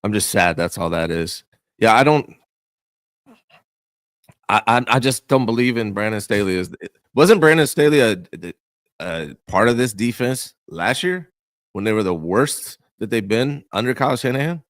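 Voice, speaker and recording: A man's voice: lowish voice, expressive, normal speed, fairly bright tone, no echo. Opinionated young man, dry close sound. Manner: emphatic, opinionated, casual slang. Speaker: co-host. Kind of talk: casual sports talk.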